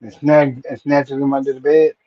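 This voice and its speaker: A man in casual stream chat who talks haltingly and gropes for his words. His voice sits at a middling pitch. The recording is dull and lo-fi. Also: level tone. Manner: hesitant, searches for words. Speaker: streamer co-host.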